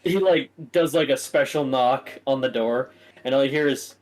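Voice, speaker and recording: A man's voice: mid-range voice, normal speed, poor audio. Rambling male game master. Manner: rambling, many fillers. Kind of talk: narrating a tabletop game.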